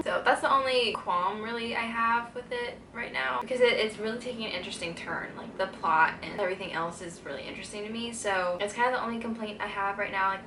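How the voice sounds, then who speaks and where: A young woman talks casually to camera about her reading, laughing often and filling her sentences with "like". Her voice is bright and clear. The room around her sounds echoey, with a faint hum of ambience. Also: fairly high pitch. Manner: chatty, giggly, lots of "like" fillers. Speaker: reading vlogger. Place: indoors during a stay abroad.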